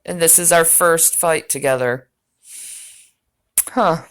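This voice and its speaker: A woman's voice: low-pitched, slow pace. A woman streaming a reaction to a video, rambling and swearing as she talks straight at the man in it. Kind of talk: casual reaction commentary.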